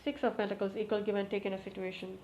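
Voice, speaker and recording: A woman's voice: mid-range voice, very fast. Woman tarot reader talking to her cards. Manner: talks to the cards, repeating requests and exclaiming excitedly. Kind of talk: casual tarot reading to camera. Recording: slightly muffled, faint background noise.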